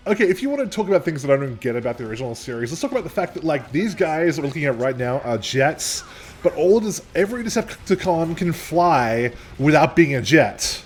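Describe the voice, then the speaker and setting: A man's voice: fairly high pitch, sing-song, brisk, husky. A young man co-hosting a gameplay video, rambling in casual chat, laughing often and swearing casually. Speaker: gameplay co-host. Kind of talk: casual let's-play chat.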